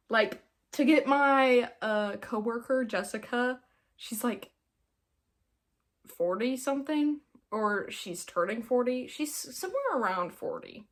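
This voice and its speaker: A woman's voice: a little high, takes it slowly. A young woman from Utah hosting a casual solo podcast from her bedroom, chatty and self-mocking, slipping into silly voices now and then. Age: young adult. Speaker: podcast host.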